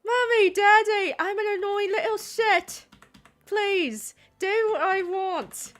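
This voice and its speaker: A woman voicing a bratty, demanding little girl pig in a shrill whine. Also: slow pace, fairly bright tone, heavily acted. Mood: whiny.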